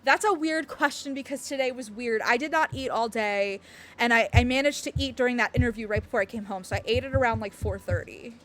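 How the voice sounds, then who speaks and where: A woman's voice: fairly high pitch, a little fast, fairly bright tone. Bubbly giggly woman streaming. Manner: bubbly, giggly, rambling with fillers. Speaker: game streamer. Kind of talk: casual live-stream chat.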